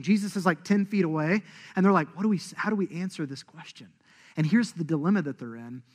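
Man, sermon, animated preaching, slightly high voice. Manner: animated, acts out quoted voices. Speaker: pastor.

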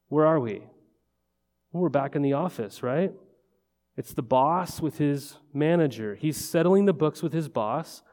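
A man's voice: fairly high pitch, mellow. Chatty male pastor, reverberant hall. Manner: conversational, full of rhetorical questions and "right?". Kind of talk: sermon. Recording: long reverb of a large hall.

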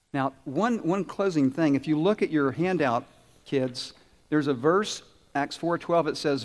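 A man preaching a lively children's sermon who asks the kids questions and answers them himself. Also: fairly high pitch, a little slow. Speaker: pastor. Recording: long reverb in a large hall.

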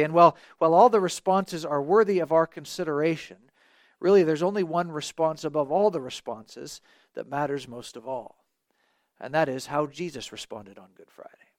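Earnest male preacher delivering an evening sermon, voice a bit high, close and dry. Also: no echo. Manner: earnest, rhetorical questions, occasional restarts.

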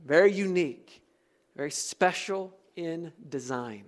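A man preaching a sermon to a congregation, asking them questions and slowing down or getting louder for emphasis. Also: fairly high pitch, lively intonation. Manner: varies pace and loudness for emphasis. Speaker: pastor.

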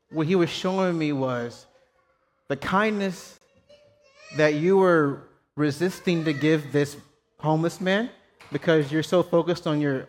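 Casual preacher man in a reverberant hall. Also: on the high side. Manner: casual storytelling preacher, self-deprecating. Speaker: pastor. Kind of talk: sermon.

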